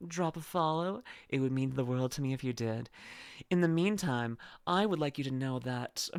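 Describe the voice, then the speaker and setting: Young adult woman, playful casual stream chat, giggly, very lively pitch, dry close mic. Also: no echo. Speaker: VTuber streamer.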